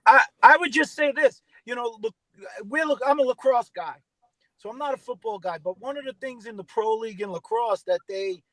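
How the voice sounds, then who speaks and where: A man's voice: very high voice, fairly quick, a bit bright, dry recording, low-quality recording. A man from New York with a New York accent, calling in to a sports chat and talking in a hesitant, conversational way. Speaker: caller.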